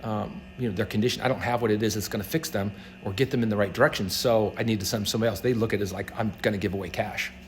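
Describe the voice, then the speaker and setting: A man, a practitioner being interviewed, telling patient stories in a casual, animated way and acting out the voices of people he quotes. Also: fairly low pitch, very fast, few pauses, slight background noise. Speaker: healthcare practitioner guest.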